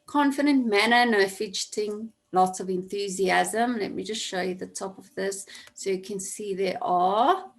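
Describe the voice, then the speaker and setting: This online lesson comes from a woman with a mid-range voice who talks a little slowly and seldom pauses. She breaks a task into steps and goes back over the key points for emphasis, heard through a computer mic on a video call.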